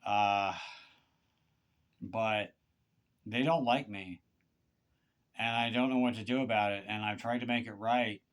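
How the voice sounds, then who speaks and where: A man giving a confessional monologue to one person, halting and aggrieved, with stammered restarts and repeated words. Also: lowish voice, steady tone. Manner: aggrieved, pleading. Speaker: vlogger.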